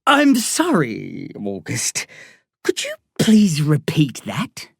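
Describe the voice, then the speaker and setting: A woman voicing a menacing adult male crime boss who speaks quietly and deliberately. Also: deep voice, huge pitch swings, vocal fry, slightly rough, no room sound, studio quality, full character voice. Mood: cold.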